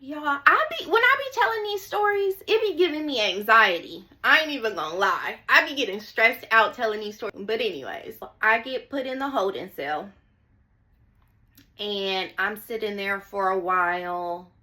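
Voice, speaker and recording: A woman's voice: on the high side, expressive, normal speed, bright, forceful tone. A young woman telling a personal story to her viewers in a chatty, dramatic way, often repeating phrases and calling them y'all. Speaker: storytime vlogger.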